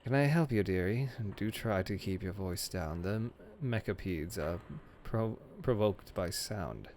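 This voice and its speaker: A man voicing a prim, evasive middle-aged woman librarian who talks in a hushed, patronizing way. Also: fairly low pitch, moderate pace, slight background noise, close to an everyday voice. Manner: hushed, patronizing, calls people dearie.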